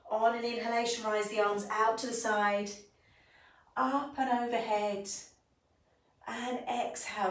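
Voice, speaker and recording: Gentle woman yoga teacher, echoey room. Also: mid-range voice, recorded from a distance. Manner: calm, gentle cueing of breath and movement. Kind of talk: guided yoga instruction.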